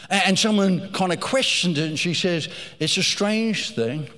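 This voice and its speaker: A man's voice: sits high, expressive, moderate pace, sharp tone, big-room sound. A man preaching a sermon, telling stories with animation and repeating phrases for emphasis.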